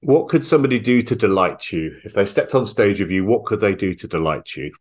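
Deep-voiced male podcast host. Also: brisk. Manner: relaxed, hesitant fillers. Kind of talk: casual interview chat.

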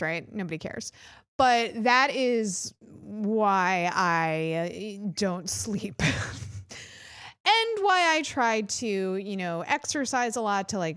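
A woman's voice: medium pitch, fairly bright tone, clean tone, no echo, clean studio sound. A woman co-hosting a podcast, telling a long candid story in a rambling, casual way. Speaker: podcast co-host. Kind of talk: casual chat.

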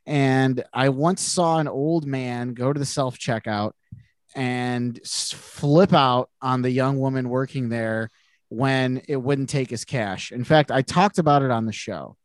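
A man's voice: mid-range voice, measured pace, dry recording. A man co-hosting a podcast, telling a self-mocking funny story in casual chat and laughing through it. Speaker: podcast co-host.

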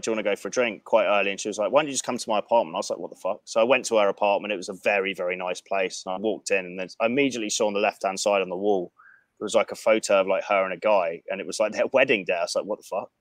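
A man telling a profane anecdote in casual chat, animated and frank. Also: lowish voice, quick pace, dry recording. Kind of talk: casual storytelling.

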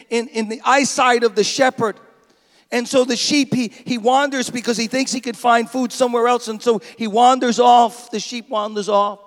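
High-voiced preaching man in a reverberant church. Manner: dramatic preaching, acts out a bleating sheep. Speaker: pastor. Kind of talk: sermon. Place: church sanctuary.

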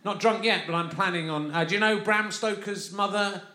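With a high voice that sounds pushed and bright, a London podcast host speaks at a moderate pace during a live comic monologue. The festival audience hears him ramble and chat, often laughing, and the room's acoustics are spacious.

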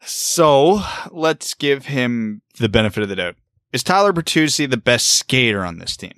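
A man's voice: mid-range voice, very animated, normal speed, fairly bright tone, clean tone, no room sound, clean studio sound. A man co-hosting a casual sports podcast, reasoning through his points with rhetorical questions. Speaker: podcast co-host.

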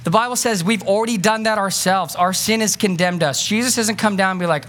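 A man preaching a sermon as pastor, earnest and pleading, moving from quick asides to slow, emphatic lines. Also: sits high, a bit bright. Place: church sanctuary.

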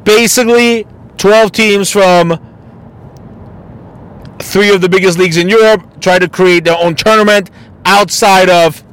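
A man's voice: sits high, fairly even intonation, unhurried, long pauses, a bit bright, clean tone. A man hosting a casual solo podcast, ranting bluntly and mockingly with plenty of swearing. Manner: mocking and exasperated. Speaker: podcast host.

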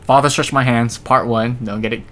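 A man's voice: medium pitch, steady tone, fairly bright tone. Teasing young man co-hosting a podcast. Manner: teasing, quick, swears casually. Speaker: podcast co-host. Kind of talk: casual banter.

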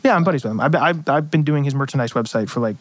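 A man's voice: mid-range voice, no echo. A man hosting a podcast, telling stories in a casual chat full of fillers. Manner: fast, animated storytelling with lots of fillers. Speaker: podcast host.

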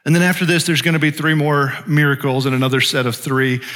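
A male pastor preaches in a loose, conversational way, dotting his talk with fillers. His voice is bright and a little high, and it rings out with a long hall reverb in a church sanctuary. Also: level tone, fast. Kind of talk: sermon.

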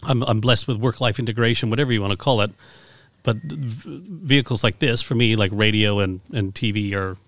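A man's voice: fairly low pitch, brisk, a bit bright, no echo. A man with a Canadian accent, talking enthusiastically and loosely as a guest on a podcast interview, with many restarts. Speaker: guest, keynote speaker.

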